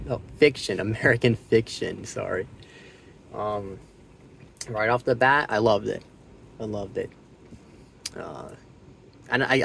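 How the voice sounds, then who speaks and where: A man with a medium-pitched, gravelly voice gives a casual spoken movie review, rambling, swearing freely, and losing his train of thought. Retelling scenes, he gets loud and excited. A little hiss or hum can be heard.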